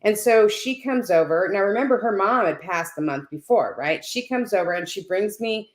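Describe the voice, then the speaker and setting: A middle-aged woman on a video call, a guest in a panel talk, tells a personal story conversationally, often checking in with "right?" and "you know." Her mid-range voice is expressive at a moderate pace, and the recording has a roomy echo.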